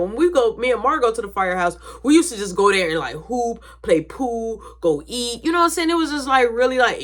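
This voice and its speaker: Animated young woman telling a family story. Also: a little high. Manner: animated, acts out quoted voices, drops to whispers. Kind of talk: casual storytime.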